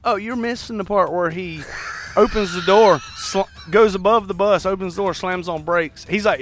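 A man's voice: high-pitched, moderate pace. Profane man retelling a movie plot. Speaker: podcast co-host. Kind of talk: casual movie chat.

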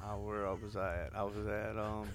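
A podcast co-host with a lowish, level voice speaks at a moderate pace. He's profane throughout the casual conversation, swearing freely while he keeps recounting a movie's plot.

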